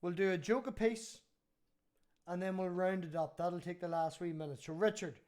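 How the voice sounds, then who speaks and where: A man's voice: high-pitched, moderate pace. A man hosting a casual stream chat, telling a long bar joke and swearing freely. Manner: swears freely, animated storytelling. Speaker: stream host.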